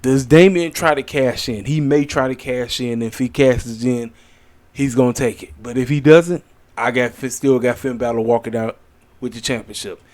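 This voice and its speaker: A man's voice: mid-range voice, fairly even intonation, normal speed, darkish tone. A man hosting his own wrestling channel, giving blunt, opinionated predictions in a rambling casual chat, tired and yawning late at night. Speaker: wrestling commentary channel host. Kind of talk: casual solo predictions video.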